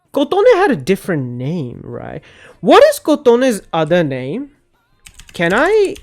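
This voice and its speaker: A young man giving casual opinion commentary on games, rambling and animated, often cutting himself off mid-sentence. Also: a little high. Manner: rambling, animated, self-interrupting. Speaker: gaming video creator.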